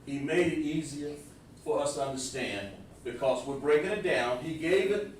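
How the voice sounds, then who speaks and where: In a live-streamed scripture lesson, a religious teacher unpacks the meanings of words step by step and speaks right to his listeners. His voice is fairly high and moderately paced. The recording carries a little hiss or hum, a very echoey room, and a distant mic.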